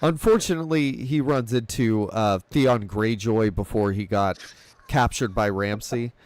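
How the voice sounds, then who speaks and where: A man's voice: lowish voice, no echo. A man in casual film talk, rambling through plot retellings and laughing often. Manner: rambling, laughs often, retells scenes in quick quoted voices. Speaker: film podcast host.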